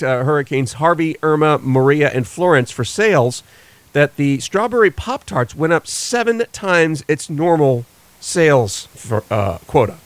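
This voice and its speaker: A man's voice: fairly high pitch, no echo. A man hosting a radio morning show recap, explaining things in a casual way with plenty of fillers and restarts. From western United States.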